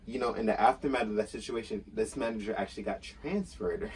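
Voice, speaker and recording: Animated low-voiced man telling a story. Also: a little fast, distant mic, slight background noise. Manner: animated, acts out quotes in raised voice. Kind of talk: casual storytelling.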